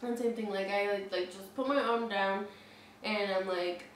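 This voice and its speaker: A woman's voice: mid-range voice, steady tone, moderate pace. A woman in her twenties telling a story casually, chatty, with lots of "like" and frequent swearing. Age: 20s. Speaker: vlogger. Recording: very echoey room, mic at a distance, faint noise.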